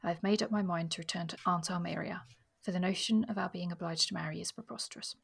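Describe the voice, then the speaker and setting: A woman's voice: on the low side, fairly even intonation, quick pace, gravelly, breathy edge. A woman reading passages from a novel aloud with expression, sometimes dropping almost to a whisper, and talking about the book.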